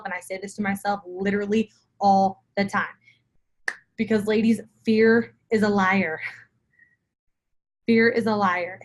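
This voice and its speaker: A young adult woman giving an emphatic motivational talk to her weight-loss group, speaking straight to the camera and repeating her key phrases. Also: mid-range voice. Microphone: phone or camera for a live video.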